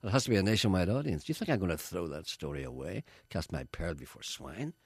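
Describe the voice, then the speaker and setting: A man's voice: sits low, lively intonation, fast, slightly rough, no echo, clean studio sound. A man hosting a radio show, teasing his co-host with wry, mock-grand comic banter.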